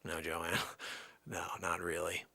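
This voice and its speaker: A man's voice: deep voice, completely flat delivery, takes it slowly, creaky, bright, forceful tone, no room sound, clean studio sound. A man hosting a live stream, talking in a rambling, sarcastic, jokey way. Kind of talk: casual live-stream banter.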